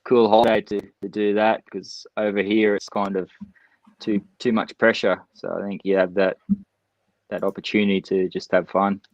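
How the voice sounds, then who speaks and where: A man's voice: fairly low pitch, level tone, normal speed, no echo, lo-fi sound. A man guesting on a podcast over a video call, easygoing and casual. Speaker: guest, speedway rider. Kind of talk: casual interview chat. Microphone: computer mic on a video call.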